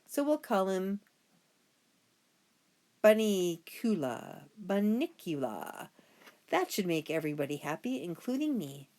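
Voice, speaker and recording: A woman reading as a calm, firm mother. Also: mid-range voice, a little fast, few pauses, close to an everyday voice. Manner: gentle but firm.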